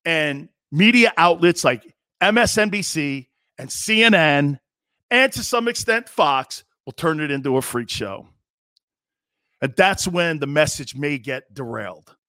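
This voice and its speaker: A man's voice: a little high, pushed and bright, no room sound. A middle-aged man hosting a sports talk radio show, delivering a blunt, emphatic monologue. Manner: emphatic, blunt, acts out quoted players. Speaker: host.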